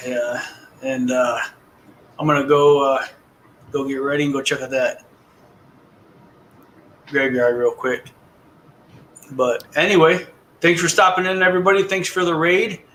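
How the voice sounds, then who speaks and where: A man hosts a relaxed live-stream chat, easygoing and a little rambling, with plenty of fillers. His voice sits a touch high for a man, and there is a faint hiss of noise behind him. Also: measured pace, pauses often, poor audio. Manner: laid-back, rambling with fillers. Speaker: host.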